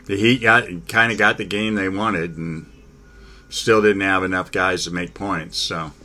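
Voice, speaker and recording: A man hosting a casual sports talk chat, halting, with many fillers and restarts. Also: low-pitched, fairly even intonation, sharp tone.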